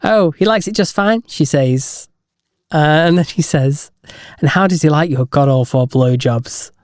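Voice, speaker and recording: Brief: man co-host, unhurried joke-teller, dry close sound. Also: fairly high pitch, dry recording. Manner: tells jokes deliberately, chuckles at his own punchlines. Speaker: podcast co-host. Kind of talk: casual podcast chat.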